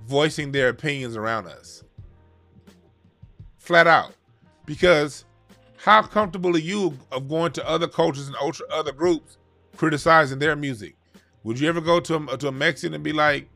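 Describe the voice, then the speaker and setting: A man in a casual, heated chat, talking in a profane, animated way. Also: a little high, vocal fry. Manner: animated, profane, mocks other music with sung sounds.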